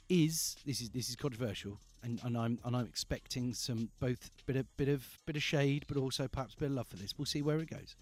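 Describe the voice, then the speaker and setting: A man hosting a live evening radio call-in show, upbeat and playful, repeating phrases for emphasis, speaking into a studio microphone. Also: medium pitch. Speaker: radio host.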